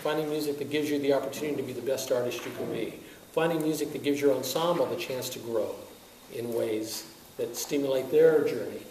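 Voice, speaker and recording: A man of medium pitch and slightly quick pace, a wind band conductor, lectures music teachers in a workshop lecture room. Animated, he asks rhetorical question after rhetorical question and chuckles frequently. The recording is distant and echoey with a faint hiss.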